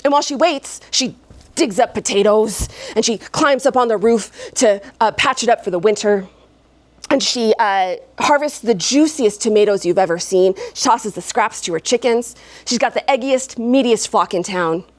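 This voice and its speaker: A woman tells a folksy fairy tale live before an audience, playful and quick to chuckle. Her voice sits a bit high, and she drops in asides to the crowd. The sound is dry and close. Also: no room sound. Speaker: storyteller. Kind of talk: live oral storytelling.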